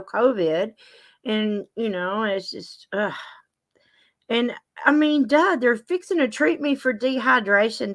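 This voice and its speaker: This woman, a show host, has a medium-pitched, slightly bright voice. She chats casually with her live audience, telling a story and reading out viewer comments.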